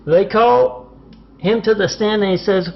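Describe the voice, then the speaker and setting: In a muffled, lo-fi recording that echoes around a reverberant room with slight hiss or hum, a man delivers an agitated, rambling monologue at a measured pace. His voice is slightly high and gravelly, and he stumbles over fillers as he goes.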